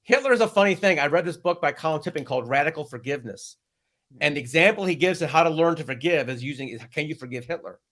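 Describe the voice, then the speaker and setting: An American man chatting as a guest, his voice sitting a bit high for a man. He is animated and joking, laughing easily between points. It is loose, casual talk. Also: fast. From United States. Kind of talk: casual chat.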